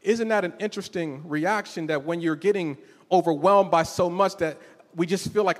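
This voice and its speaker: Man in his forties, pastor, higher voice, emotional sermon, stammering restarts, long church reverb. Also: normal speed. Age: 40s. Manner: conversational, emotional, repeats words when starting a thought.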